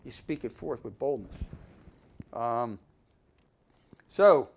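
A man preaching an informal sermon, conversational and folksy, asking the congregation questions and swinging between emphatic lines and quiet asides. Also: mid-range voice, expressive, slow pace, breathy edge.

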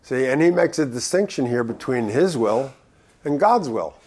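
Male preacher, mid-range voice, conversational verse-by-verse teaching with swings between emphatic and hushed delivery. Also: animated, normal speed, slightly rough. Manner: reads scripture aloud then explains it conversationally; shifts between loud emphatic stress and low quiet asides.

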